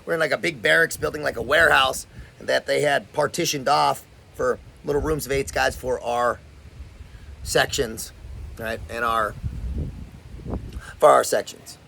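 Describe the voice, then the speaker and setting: A man's voice: mid-range voice, moderate pace, vocal fry, long pauses, bright, forceful tone, a little hiss or hum. A man with a Californian accent, hosting and telling his own story in a laid-back, slangy way. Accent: Californian American. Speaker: host. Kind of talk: casual storytelling.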